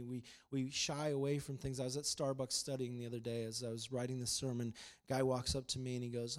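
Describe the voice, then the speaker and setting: A man preaching a sermon as pastor, swinging between loud, emphatic proclamation and quiet, conversational storytelling. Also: mid-range voice, level tone, a little fast.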